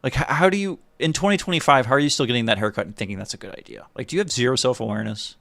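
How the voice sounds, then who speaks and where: A man hosting a live stream, giving an animated, mocking, profane running commentary on a video. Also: medium pitch, racing, vocal fry, no echo.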